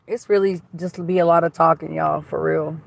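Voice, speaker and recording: A woman's voice: sits low, fairly even intonation, moderate pace, vocal fry, a little hiss or hum. A woman hosting a casual livestream from a car on a phone, chatting bluntly, swearing freely and gossiping while she reads viewer comments. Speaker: livestream host. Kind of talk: casual live-stream chat reading comments. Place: inside a car.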